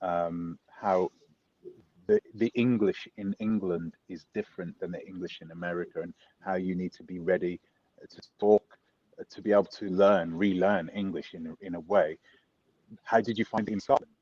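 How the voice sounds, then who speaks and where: Male interviewer, low voice, meandering self-correcting questions; dry, muffled recording. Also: steady tone, normal speed, a little mellow. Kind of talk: casual interview chat.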